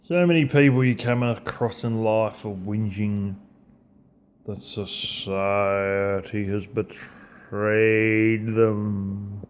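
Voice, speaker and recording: A man's voice: lowish voice, steady tone, drawn-out words, smooth. A man with an Australian accent giving a blunt, profane motivational rant in a casual, conversational way. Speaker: vlogger.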